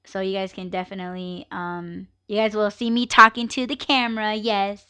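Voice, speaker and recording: A woman's voice: mid-range voice, flat delivery, normal speed, sharp tone, smooth. A woman hosting her own live podcast, chatting casually and ranting with plenty of swearing and laughter. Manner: ranting, profane, laughs often. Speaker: podcast host.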